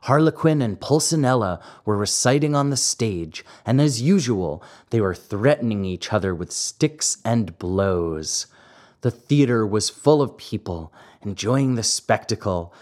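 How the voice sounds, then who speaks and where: A man reading a classic children's story aloud, slow and expressive. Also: mid-range voice. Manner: slow, expressive, acts out the voices. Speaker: narrator.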